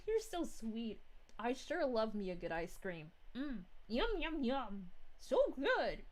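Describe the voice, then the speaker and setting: Woman as a sweet, giggly princess streamer, high and lilting, easygoing pace. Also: big pitch swings. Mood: cheerful. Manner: bubbly, giggly, drawn-out "ooh"s. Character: bubbly cheerful young princess, sweet and giggly. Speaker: VTuber streamer. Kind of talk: live stream chat reading in character.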